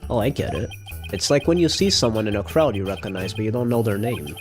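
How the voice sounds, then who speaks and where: A man's voice: lowish voice, animated, quick pace, darkish tone, soft background music. A young man streaming a game, reading its dialogue aloud with playful put-on voices and jokes of his own. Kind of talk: playthrough with voiced text.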